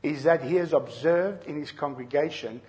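A middle-aged man preaching a sermon, earnest and measured, dropping soft and then rising loud to drive a point home. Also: a little high. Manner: earnest, swings from soft to shouting for emphasis. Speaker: pastor.

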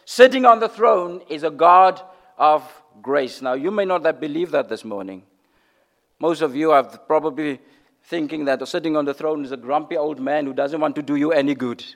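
A man preaching a sermon, swinging from loud declarations to hushed, almost whispered lines and repeating phrases for emphasis. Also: on the high side, creaky.

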